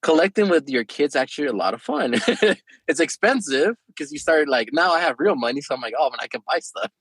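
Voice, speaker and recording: A man's voice: a little high, sing-song, brisk, fairly bright tone, slightly rough, no room sound, poor audio. Easygoing male podcast co-host. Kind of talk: casual chat.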